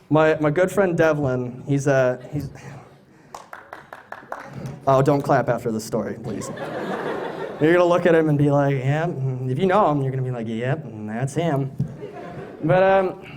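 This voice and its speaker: A young male comedian spins a loose, self-mocking story on stage, stopping and restarting his sentences as he goes. His voice sits a little higher than most men's. A faint hiss runs under the live audience. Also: a little mellow. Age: young adult. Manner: rambling, self-mocking anecdotes with frequent restarts. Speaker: stand-up comedian. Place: stage before a laughing audience.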